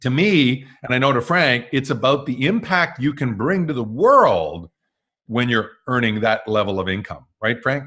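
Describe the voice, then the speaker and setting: A man's voice: medium pitch, expressive, normal speed, fairly bright tone. A man hosting a live webinar masterclass, talking in an upbeat, jokey way with fillers. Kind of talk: energetic presenting.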